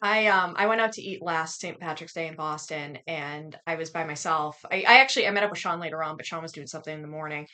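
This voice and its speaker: A woman's voice: deep voice, fast, few pauses, bright, forceful tone. A woman from Massachusetts co-hosting a podcast, telling stories in casual chat and swearing freely. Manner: chatty storyteller, swears freely. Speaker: podcast co-host.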